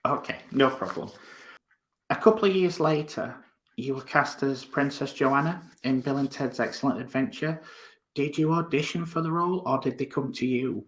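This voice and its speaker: A man hosting a podcast, asking a guest questions in a measured, slightly hesitant way. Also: mid-range voice, a bit bright, echoey room. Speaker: podcast host. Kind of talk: interview questions.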